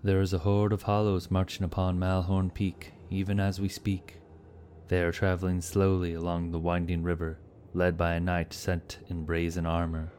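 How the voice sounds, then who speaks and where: A man voicing a wounded male bodyguard who reports in a measured, earnest way. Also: deep voice, a little mellow, a little hiss or hum, natural voice.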